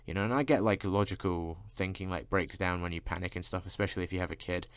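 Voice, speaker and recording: A man's voice: sits low, fairly even intonation, quick pace, clean tone, dry recording. A man vlogging a casual rant, constantly saying "like" and swearing freely. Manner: fills speech with "like", swears freely.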